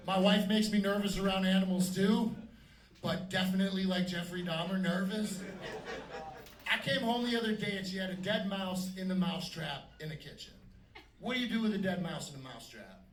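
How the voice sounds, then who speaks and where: High-voiced man doing stand-up in a roomy club. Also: normal speed. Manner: brash, punchy delivery, dark deadpan jokes. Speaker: stand-up comedian. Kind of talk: stand-up set. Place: comedy club stage. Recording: echoey club from a distance with noise. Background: audience laughter.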